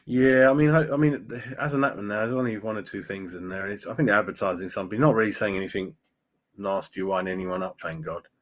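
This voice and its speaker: Speaking fast in a lowish, evenly pitched voice, this middle-aged man runs a fan live stream. He goes through viewer comments in a relaxed, opinionated way, often ending sentences with "mate" or "right?".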